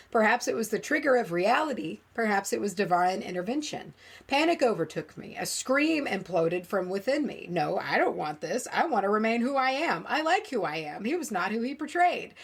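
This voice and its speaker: A woman's voice: mid-range voice, creaky, husky. A woman co-hosting a podcast, reading a listener's eerie story aloud and then chatting and joking with her co-host. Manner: jokey, laughs often.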